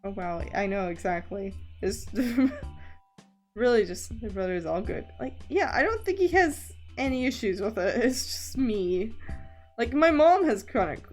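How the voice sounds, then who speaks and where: Slow-talking woman streamer, rambling and laughing. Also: mid-range voice, very animated. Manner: rambling, laughs often, swears casually. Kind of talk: casual chat on a drawing stream. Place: home streaming setup. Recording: faint background music.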